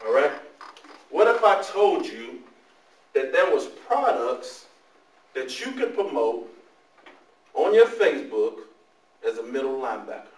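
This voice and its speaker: A man giving an animated motivational talk to young people, telling stories and often turning to the audience with questions. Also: mid-range voice, a little slow, pauses often. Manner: animated storytelling, talks to the audience. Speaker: motivational speaker. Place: large room, speaking to a live audience. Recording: echoey room, mic far off.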